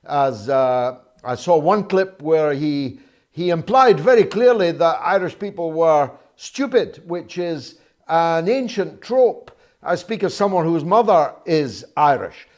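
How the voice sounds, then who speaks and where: A man hosting a political interview, speaking in a measured way with frequent pauses. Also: a little high, animated, darkish tone. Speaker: interview host.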